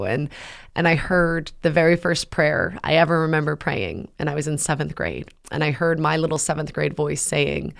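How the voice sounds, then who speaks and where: A woman in her thirties hosting a faith talk, telling a personal story in a rambling, heartfelt way with many pauses and fillers. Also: low-pitched, animated, gravelly. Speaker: podcast host. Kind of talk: casual personal testimony.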